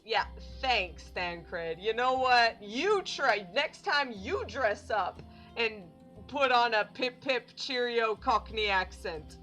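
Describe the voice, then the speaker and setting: Young woman let's-player, bright voice, faint game music behind. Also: medium pitch, takes it slowly. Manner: bubbly, joking, animated. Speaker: game streamer. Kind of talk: casual let's-play commentary.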